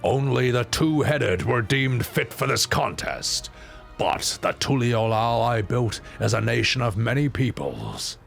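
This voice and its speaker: Gravelly old two-headed lizard king. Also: very animated, fairly bright tone, exaggerated voice. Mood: solemn. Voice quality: deep gravelly movie-robot-hero voice. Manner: slow, grave pronouncements. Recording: faint game music behind. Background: faint game music.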